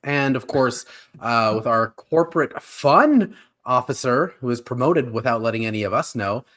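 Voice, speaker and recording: A man's voice: medium pitch, lively intonation, moderate pace, a bit bright. A man hosting a pop culture podcast in a casual, rambling way, often laughing at himself. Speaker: podcast host.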